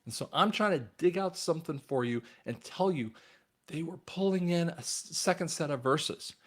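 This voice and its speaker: A man hosting his own channel, giving a rambling religious and political commentary monologue in an emphatic voice that jumps from loud bursts to near mutters. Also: fairly high pitch, expressive, normal speed. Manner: addresses viewers directly as guys.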